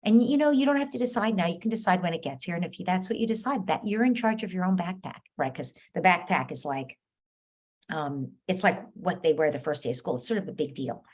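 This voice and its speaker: A middle-aged woman coaching a parent, gentle and patient, often acting out the child's and parent's lines herself. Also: on the low side, brisk.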